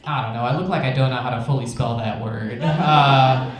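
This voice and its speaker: A young man doing a stand-up set, deadpan and self-mocking as he talks about teaching. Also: medium pitch, normal speed. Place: comedy club stage with audience. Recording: echoey club room with crowd laughter.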